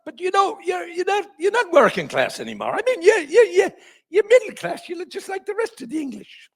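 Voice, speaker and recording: An older man putting on the voice of a probing Irish television psychiatrist with a high, teasing, sing-song delivery. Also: wildly swooping pitch, a little fast, raised voice, heavily acted. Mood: goading.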